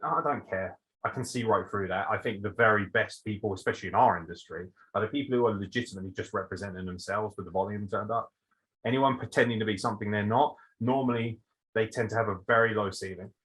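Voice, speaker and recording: Brash man, bright voice. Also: fairly low pitch, fast talker, rough recording. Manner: brash, swearing, sarcastic. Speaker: podcast host answering listener questions. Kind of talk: casual banter.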